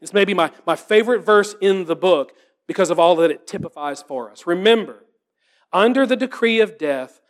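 A man preaching a sermon as pastor, earnest and rhetorical, asking repeated questions and dropping to a hushed voice. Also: high voice.

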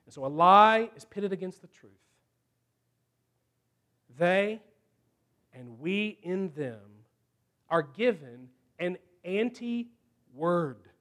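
Male preacher, higher register, deliberate and emphatic sermon delivery. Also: expressive, fairly bright tone. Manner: slow, emphatic preaching with dramatic pauses.

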